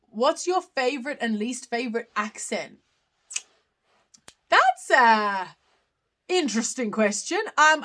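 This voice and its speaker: A bright, fairly high-voiced Irish woman answers viewer questions on a casual live stream. She talks openly and warmly into the phone, with lots of fillers and restarts as she thinks aloud. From Ireland. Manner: chatty and open, many fillers and restarts.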